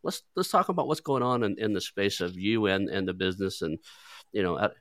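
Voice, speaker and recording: A man's voice: fairly low pitch, lively intonation, fairly quick, fairly bright tone, no room sound, clean studio sound. A man hosting a podcast interview, chatting casually and agreeing with his guest before adding his own views. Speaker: podcast host.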